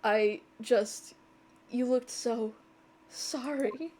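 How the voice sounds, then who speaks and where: A woman's voice: on the high side, extremely slow, darkish tone, slight background noise. A woman streamer giving casual, chatty commentary while playing a game, laughing, swearing and reading dialogue aloud.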